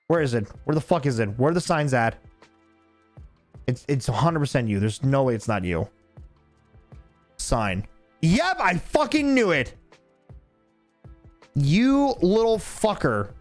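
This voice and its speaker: Young male streamer, casual rambling chat full of swearing, a bit high-voiced, very animated delivery. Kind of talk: casual chat while gaming.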